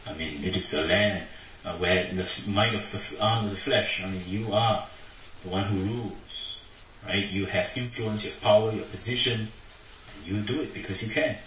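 Male preacher, animated sermon delivery, bright tone, recorded far off in a reverberant hall. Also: moderate pace, slight background noise. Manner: animated, acts out quotes with raised pitch.

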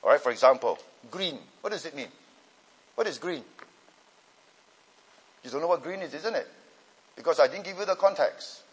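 Talking fast, this man has a fairly high, breathy-edged voice and lively intonation. A pastor and Bible teacher, he answers student questions during a teaching session, explaining as he goes and often asking whether listeners are with him. The recording has long hall reverb.

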